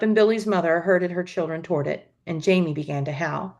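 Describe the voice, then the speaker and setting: A woman teacher reading a novel aloud to students with expressive storytelling. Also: on the low side, a little fast. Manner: expressive storytelling, adds asides.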